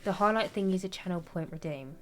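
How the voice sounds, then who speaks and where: A woman's voice: fairly low pitch, a little fast, a bit bright, faint music behind. A young woman streaming, chatting casually and reading chat, rambling and laughing at herself. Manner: chatty, rambling, self-deprecating, laughs often. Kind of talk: casual chat while gaming, reading chat aloud.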